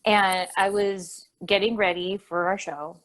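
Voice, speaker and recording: A woman's voice: mid-range voice, steady tone, unhurried, a bit bright. A woman co-hosting a casual podcast, chatting in a rambling way and laughing often. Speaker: co-host.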